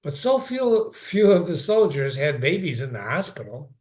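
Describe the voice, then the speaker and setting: Male reader doing a teasing, fond young wife, pitched slightly up. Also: sing-song, normal speed, darkish tone. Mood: playful. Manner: affectionate, playful.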